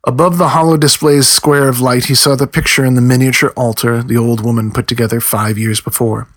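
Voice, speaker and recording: A man narrating an audiobook chapter in measured storytelling, now and then voicing the characters' lines. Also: mid-range voice, little pitch movement, fairly bright tone, no echo. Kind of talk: scripted narration.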